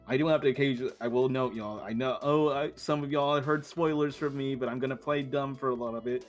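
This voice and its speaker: A man's voice: medium pitch, fairly even intonation, brisk, soft background music. A man hosting a casual stream, chatting with a guest and his viewers and laughing often. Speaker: streamer host.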